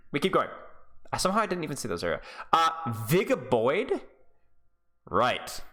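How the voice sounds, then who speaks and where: A man's voice: on the high side, huge pitch swings, normal speed, pushed and bright. A man coaching players on a live stream, rambling and sarcastic as he rates game clips and keeps interrupting himself. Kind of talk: live-stream clip review.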